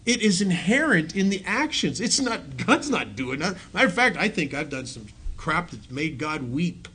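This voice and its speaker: Here a middle-aged man addresses people in recovery in a slightly high, sing-song voice that is sharp and a bit rough, at a moderate pace. He spins self-mocking stories, laughs at his own jokes, and keeps restarting and turning aside to talk to the audience.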